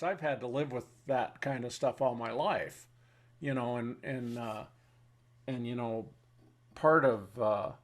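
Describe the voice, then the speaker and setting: Older man telling war stories. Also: medium pitch. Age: 70s. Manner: halting, pauses with fillers, then blunt and wry. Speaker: veteran interviewee. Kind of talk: reflective war storytelling.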